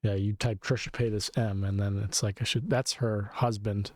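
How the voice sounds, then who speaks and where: A man's voice: on the low side, steady tone, moderate pace, a little mellow, dry recording. A man co-hosting a podcast, chatting casually and profanely while reacting to videos. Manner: profane, amused, rambling. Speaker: podcast co-host.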